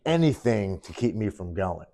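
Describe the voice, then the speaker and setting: Guest, man, very low voice, earnest first-person storytelling in the present tense, sit-down interview. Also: big pitch swings, moderate pace, dark tone. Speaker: podcast guest. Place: studio, in person with hosts.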